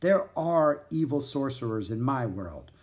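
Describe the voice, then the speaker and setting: A man doing a calm old wizard with a deep, unhurried voice, speaking in measured, kindly lessons. His delivery rises and falls with lively storybook expression. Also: close to an everyday voice. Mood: gentle, wise. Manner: slow, measured, kindly teaching.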